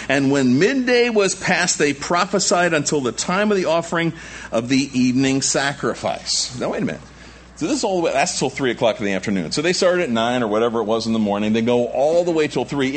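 A man preaching an expository sermon, reading scripture and adding conversational asides, sometimes jumping to high shouting voices to act out characters. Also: a little hiss or hum. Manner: animated, acts out the Baal prophets in high shouting voices. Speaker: pastor.

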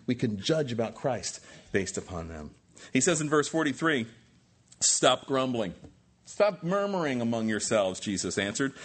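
A man's voice: mid-range voice, breathy edge. A man preaching a sermon as pastor, with rising emphatic peaks and rhetorical questions to the congregation.

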